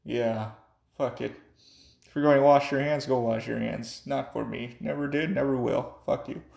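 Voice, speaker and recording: A man's voice: mid-range voice, steady tone, normal speed, vocal fry, a little mellow. A young man ranting angrily and profanely in a monologue. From United States. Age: young adult. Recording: echoey room.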